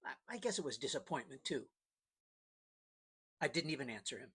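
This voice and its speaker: A man's voice: mid-range voice, sing-song, normal speed, long pauses, a bit bright, slightly rough. A man narrating a first-person novel in a dry, plain-spoken storytelling manner. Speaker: audiobook narrator.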